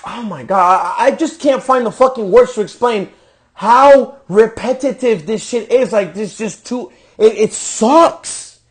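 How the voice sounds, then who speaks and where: A man hosting a podcast, delivering a profane, exasperated rant reviewing a wrestling show. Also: extremely high pitch. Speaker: podcast host.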